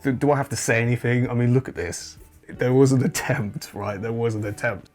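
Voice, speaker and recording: A man's voice: medium pitch, a little fast, darkish tone, faint music behind. A man hosting a comedic commentary, wry and incredulous, often breaking into chuckles. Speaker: host.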